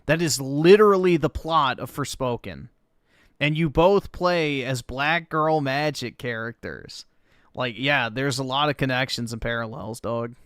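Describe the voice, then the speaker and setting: A man's voice: mid-range voice, unhurried, a bit bright, smooth, no room sound, clean studio sound. A man hosting a livestream, reacting to videos in heated, profane rants. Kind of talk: live reaction commentary.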